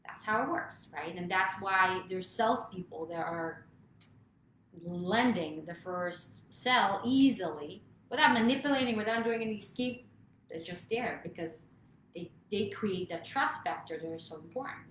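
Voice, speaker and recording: A woman's voice: fairly high pitch, a bit bright, slight background noise. A woman vocal coach giving an emphatic motivational talk to camera, often checking in with "right?". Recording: echoey room.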